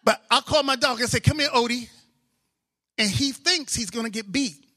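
A married man preaching a sermon, excitable, swinging from soft asides to loud exclamations. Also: very high-pitched, brisk. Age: adult, married with children.

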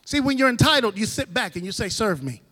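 A middle-aged pastor preaches in a church sanctuary with a very high-pitched, fast voice and lively intonation, echoing through the big room. His delivery swings between loud bursts and soft asides.

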